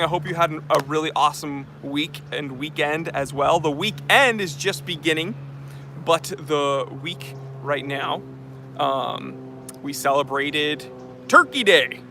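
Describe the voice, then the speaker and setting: A man's voice: a little high, measured pace, pushed and bright, slight background noise. A man from New Hampshire hosting a casual livestream outdoors, reading chat aloud in an affected posh English accent, joking and rambling with many fillers. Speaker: channel host reading live chat. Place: outdoors on a street. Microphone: phone on a handheld tripod.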